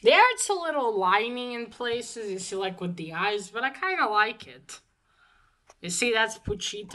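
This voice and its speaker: A woman's voice: fairly high pitch, lively intonation, normal speed, sharp tone, low-quality recording. A woman giving a casual spoken manga review, rambling through the plot with many fillers and restarts, then gushing over the art. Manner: gushing when pointing out cute art.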